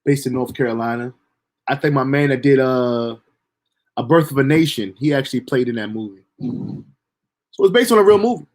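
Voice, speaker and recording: Casting: young man, casual storyteller, profane and lively, mid-range voice. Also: medium pitch, a little fast, long pauses. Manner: animated, profane, laughs at own story. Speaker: storyteller streamer.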